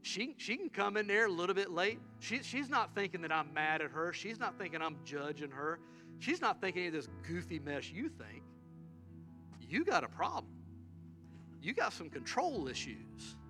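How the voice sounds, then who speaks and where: A pastor voicing God, who speaks to him gently and firmly in a lower, quieter voice. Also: male voice, big pitch swings, moderate pace, music in the background. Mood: gentle, firm. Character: God gently correcting, low and soft.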